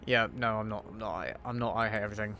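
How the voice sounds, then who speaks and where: Mid-game on his livestream, a YouTuber fields chat questions casually, cursing freely and muttering under his breath. He speaks quickly in a fairly low, bright, forceful voice.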